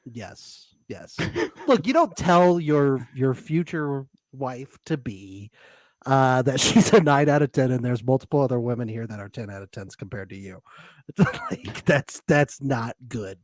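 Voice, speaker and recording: A man's voice: mid-range voice, expressive, measured pace, no room sound, clean studio sound. A man co-hosting a casual recap podcast, laughing often and chiming in to agree. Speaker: podcast co-host.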